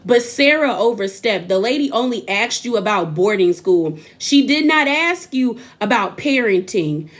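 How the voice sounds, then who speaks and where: A sassy young woman talks through a reality show episode in loose, casual chat, slipping into what each person said. Her voice sits a little on the high side, and she is quick to give her own take. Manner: sassy, animated, acts out quotes. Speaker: reality TV recap vlogger.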